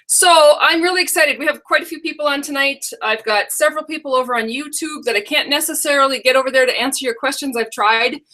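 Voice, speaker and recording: A middle-aged woman hosts a casual live stream from her computer mic. Her voice sits a little high and comes across bright and forceful, and she chats in a rambling way, often stopping to correct herself. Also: quick pace, few pauses. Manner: chatty and rambling, with many self-corrections. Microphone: computer microphone.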